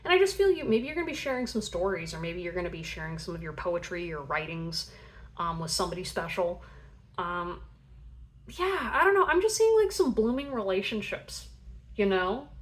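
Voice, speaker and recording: A woman's voice: mid-range voice, expressive, normal speed. Young woman, casual tarot reader, rambling chatty delivery with playful acted-out voices. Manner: chatty, rambling, full of fillers; acts out playful voices for imagined people.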